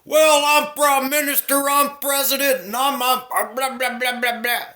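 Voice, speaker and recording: A man putting on a high, sneering voice to mock a self-important politician. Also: level tone, normal speed, pushed and bright. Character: mocking pompous male politician, self-important.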